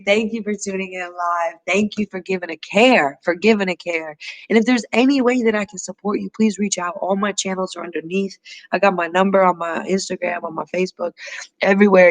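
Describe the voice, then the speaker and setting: A yoga and meditation teacher, a man with a high-set voice, signs off a live class in an effusive, motivational rush. He gets emotional and repeats his words for emphasis. The sound is dry and close. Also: a bit bright, dry recording, rough recording. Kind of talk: heartfelt live-stream sign-off talk.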